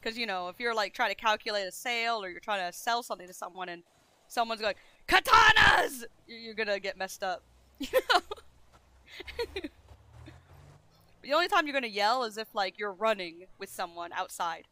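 A woman talking in character during a roleplay game, her voice bright and sharp. She explains things patiently in a casual, easygoing way. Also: medium pitch, animated, moderate pace, dry recording. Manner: patient, explaining, laughs easily. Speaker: fellow roleplayer.

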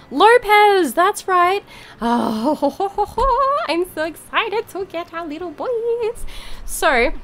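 A woman giving casual gameplay commentary as a YouTuber, gushing, giggly and excitable, with mild swearing. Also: sits high, slight background noise. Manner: bubbly, giggly. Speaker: gaming YouTuber.

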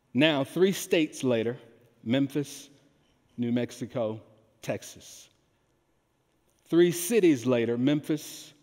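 Male pastor, deliberate sermon delivery, long hall echo. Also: medium pitch, darkish tone. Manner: slow, emphatic delivery with call-and-response questions. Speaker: preacher. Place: large church hall.

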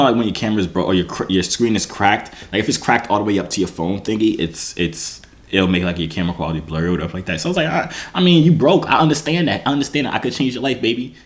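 A man vlogger telling a personal story to camera in a casual, slangy, self-mocking way, with lots of restarts. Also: deep voice. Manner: animated, slangy, self-mocking, full of restarts and "you feel me".

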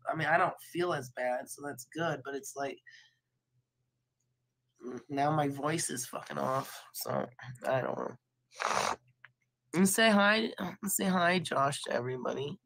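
A woman live streaming with a hoarse voice from being sick, rambling casually, laughing and swearing now and then. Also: low-pitched, measured pace, pauses often, fairly bright tone, poor audio. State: hoarse from illness.

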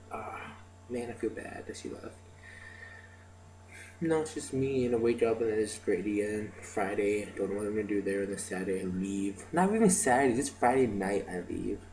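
A man's voice: fairly low pitch, warm tone, slight background noise, low-quality recording. A man telling stories in a casual video diary, rambling with lots of "like" and "um". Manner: rambling, filler-heavy storytelling with many "like" and "um". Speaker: video diarist.

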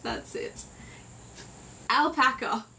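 A woman's voice: sits high, huge pitch swings, very slow, bright, forceful tone, recorded from a distance, slight background noise. Bubbly Australian teen girl vlogging. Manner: bubbly, rambling, acts out stories with silly voices. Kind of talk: casual vlog chat. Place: bedroom.

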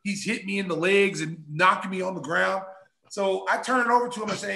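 A man in his fifties, a guest telling a casual anecdote, animated and laughing often as he acts out other people's lines. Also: sits high, fairly quick, gravelly. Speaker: guest, former pro basketball player. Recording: roomy echo.

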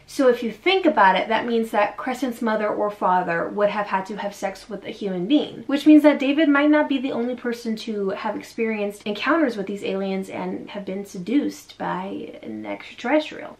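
A woman vlogger casually retelling a strange story, sassy and slangy, acting out the quotes. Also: medium pitch.

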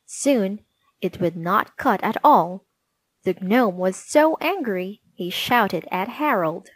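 A woman reading a children's storybook aloud, gently and clearly. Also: mid-range voice, expressive, slow pace, no room sound.

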